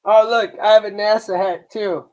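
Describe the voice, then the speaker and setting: A man's voice: high-pitched, vocal fry, darkish tone. A man from Ohio hosting a live reaction stream. He talks casually and bluntly, swears, brags, repeats himself and uses slang like "bro" and "dude". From Lakewood, Ohio, US. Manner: slow, drawn-out talk with frequent repeats and restarts.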